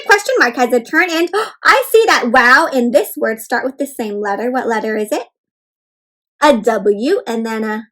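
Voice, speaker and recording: A woman reading a picture book aloud to children in an animated, teacherly way, asking them to point and say words along with her. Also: high-pitched. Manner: animated, teacherly, prompting kids to join in. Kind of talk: interactive read-aloud for kids.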